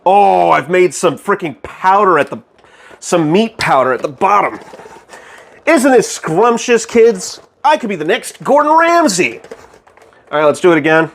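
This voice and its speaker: A young man casually chatting with his stream chat while cooking, excitable, goofy and loud. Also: on the high side, gravelly, slight background noise.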